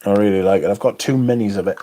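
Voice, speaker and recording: A man's voice: fairly low pitch, racing, warm tone, slight background noise. A man hosting a livestream, casually chatting and reading out viewer comments in a rambling way at home. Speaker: livestream host reading chat. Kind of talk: casual chat. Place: home room.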